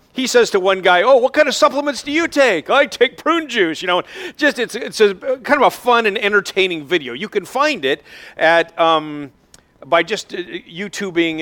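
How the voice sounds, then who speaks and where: Pastor, male, higher-pitched voice, chatty sermon delivery with ums and uhs. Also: sharp tone. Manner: conversational storytelling with frequent fillers.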